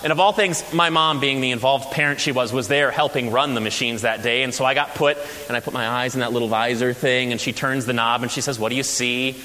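Speaking fast at a medium pitch with few pauses, a male pastor delivers his sermon through lively, humorous storytelling. It's recorded in an echoey hall, and a faint hiss runs underneath.

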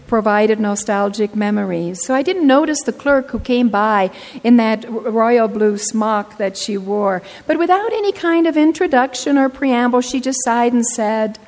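An older woman pastor preaching a sermon, telling stories earnestly and slowing down to stress her points. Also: fairly high pitch, darkish tone. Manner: earnest storytelling, slowing for emphasis. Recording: long reverb of a large hall.

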